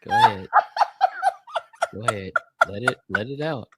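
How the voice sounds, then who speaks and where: A man co-hosting a casual podcast, excitable and teasing, often laughing. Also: lowish voice, moderate pace, heavy background noise. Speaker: podcast co-host. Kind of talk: casual chat.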